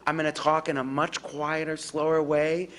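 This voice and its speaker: A woman giving a live workshop on dementia care, animated and acting out calm, reassuring caregiver lines. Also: sits low, moderate pace, a little hiss or hum.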